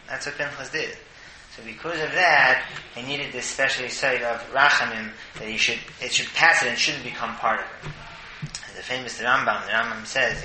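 Man, Torah teacher, casual talk, animated, stumbling repetitions, echoey room, clear background noise. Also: medium pitch.

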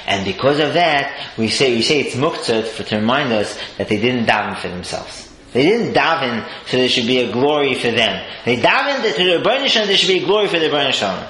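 A man delivers a Torah talk in a bright, lively voice, jumping high and dropping low as he tells his story. The room is echoey a faint hiss behind him. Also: fairly quick, few pauses. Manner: animated storyteller, swings between high exclaims and low murmurs. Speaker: rabbi giving a Torah talk. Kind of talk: sermon.

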